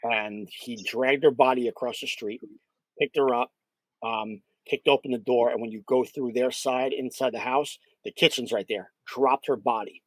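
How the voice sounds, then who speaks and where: A man's voice: mid-range voice, steady tone, moderate pace, no echo, poor audio. A man, a paranormal investigator, telling a case story in a casual interview with many fillers and acted-out quotes.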